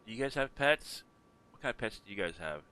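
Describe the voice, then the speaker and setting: A young man streaming a game, chatting to viewers in a relaxed, rambling way and yawning now and then. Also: fairly low pitch, fairly quick, clean tone. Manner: relaxed, rambling, talks to chat and his cat. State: yawning, tired. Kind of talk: casual live-stream chat.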